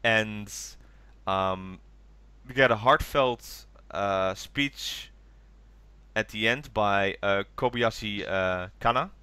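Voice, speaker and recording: A man's voice: lowish voice, takes it slowly, sharp tone, smooth, no echo. A tired man co-hosting a podcast, rambling through a recap of a TV special and acting out quoted lines in raised voices. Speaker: podcast co-host. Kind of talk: casual chat recapping a TV special.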